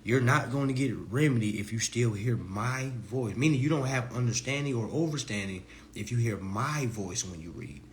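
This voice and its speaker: A man giving a casual live-stream lecture as an online teacher, talking in loose slang and often jumping into high, mocking voices. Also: moderate pace, few pauses. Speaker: online legal self-help teacher.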